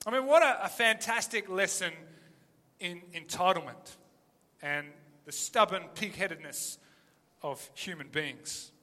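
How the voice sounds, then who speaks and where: A man preaching an animated, emphatic sermon full of rhetorical questions. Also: high-pitched, a little slow, big-room sound.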